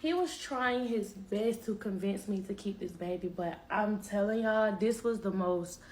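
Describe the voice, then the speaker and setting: A woman telling a personal story casually to a live-stream audience, chatty and direct. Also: mid-range voice. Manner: chatty, addresses listeners as y'all, quotes others.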